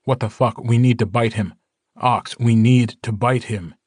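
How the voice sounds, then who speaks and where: A man's voice: medium pitch, steady tone, a little slow, a little mellow, no echo, studio quality, close to an everyday voice. A male audiobook narrator voicing a shocked young werewolf swearing in alarm. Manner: alarmed, cursing.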